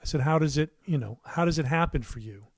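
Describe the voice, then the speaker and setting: An American musician chats loosely on a casual livestream from his home recording studio, rambling with warm asides and lots of fillers and restarts. His voice is fairly high pitched and quick, captured in a dry recording.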